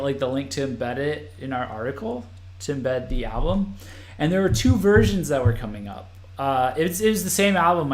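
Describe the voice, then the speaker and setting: A man's voice: a little high, echoey room. A man hosting a live stream, reacting to an album as it plays, rambling and restarting his sentences. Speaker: podcast host.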